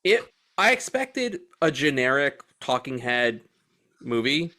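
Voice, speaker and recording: A man co-hosting a film podcast, telling a story in a lively, profane, fast-bursting way. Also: mid-range voice. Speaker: podcast co-host. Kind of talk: casual film podcast chat.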